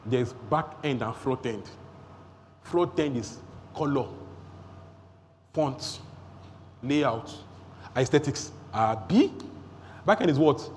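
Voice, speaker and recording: A man with a Nigerian accent preaching a sermon, energetic, breaking into rapid tongues and shouts. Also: medium pitch. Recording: long hall reverb, faint noise.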